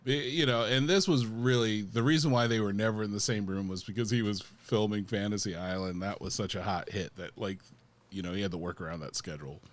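A man's voice: on the low side, fairly even intonation, brisk. A man co-hosting a casual movie discussion, talking as an enthusiastic fan who retells scenes with energy. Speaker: podcast co-host.

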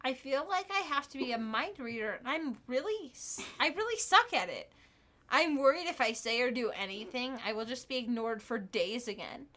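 A woman's voice: high voice, lively intonation, normal speed, pushed and bright. A tipsy woman co-hosting a casual podcast, swearing, giggling and reading listener questions aloud. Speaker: podcast co-host. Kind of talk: casual drunk podcast chat.

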